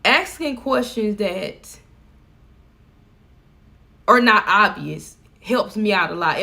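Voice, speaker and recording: A woman's voice: fairly high pitch, sharp tone. A middle-aged woman vlogging from home, chatting casually and laughing as she talks to her viewers.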